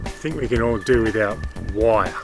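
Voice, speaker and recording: A man, a guest comedian, giving deadpan, absurd answers to interview questions. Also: lowish voice, moderate pace, over music.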